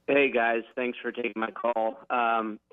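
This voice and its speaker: A man's voice: mid-range voice, little pitch movement, a little slow, smooth, no echo. A man calling in to a radio show, rambling and apologetic about complaining. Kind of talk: phone-in call. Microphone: telephone. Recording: tinny dry phone line.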